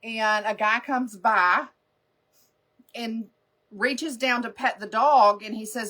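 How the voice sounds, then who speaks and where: A woman's voice: fairly high pitch, fairly even intonation, takes it slowly, long pauses, sharp tone. A woman hosting a live makeup stream, chatting casually and rambling through stories with frequent laughter. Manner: rambling, chatty storyteller who laughs often.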